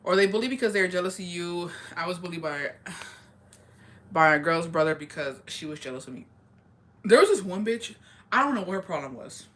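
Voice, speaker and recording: A young woman telling a story in casual chat, swearing constantly and talking in an animated way. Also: on the low side, a little fast. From rural area.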